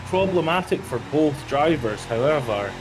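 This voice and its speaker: A man commentating and judging a live online drift battle, giving measured verdicts with some hesitation. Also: a little high, expressive, noisy background.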